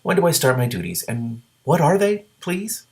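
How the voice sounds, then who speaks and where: A man voicing a headstrong young princess in a storybook, snappy and defiant, pitched well above his own voice. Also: big pitch swings, normal speed. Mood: polite.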